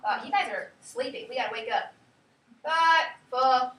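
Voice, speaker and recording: Brief: high, bright woman teacher, sing-song classroom delivery, far-off echoey room. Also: quick pace. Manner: lively, sing-song calling out of words. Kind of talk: classroom lesson.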